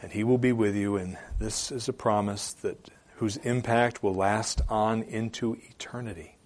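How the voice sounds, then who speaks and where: A man preaching from the pulpit in a fairly low voice. He drives his points home by repeating phrases. He rises to loud declarations, then drops to quiet, hushed appeals. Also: steady tone, moderate pace. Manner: repeats phrases for emphasis with occasional filler hesitations. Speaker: pastor. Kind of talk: sermon.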